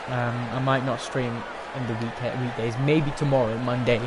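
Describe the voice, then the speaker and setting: A young man, commentating his racing game on a live stream, excitable and rambling as he talks to chat. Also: medium pitch, normal speed, a loud crowd, heavy background noise.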